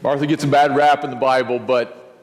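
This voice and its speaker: A male pastor preaching a sermon, telling a story and acting out its scenes. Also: brisk. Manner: storytelling, acts out scenes, lively shifts in pitch. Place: church sanctuary. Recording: long church reverb, faint noise.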